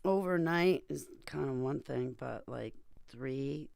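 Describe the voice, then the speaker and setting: A woman's voice: extremely low pitch, slow, gravelly, darkish tone, no echo. A woman chatting on a video call in a rambling, blunt and emphatic way. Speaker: vlogger. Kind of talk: casual chat on a video call.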